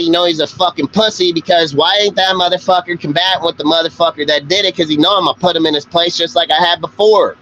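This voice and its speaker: A man's voice: on the high side, fairly bright tone, slight background noise, poor audio. A man hosting a live-stream show, ranting in an aggressive, profane, confrontational way. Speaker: livestream show host.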